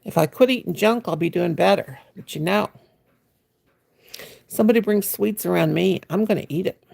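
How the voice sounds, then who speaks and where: A chatty woman, talking to viewers on a phone livestream while she crochets. Her voice is deeply gravelly and husky, and her manner is homey and folksy. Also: normal speed, a little mellow. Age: 60s. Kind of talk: casual live-stream chat.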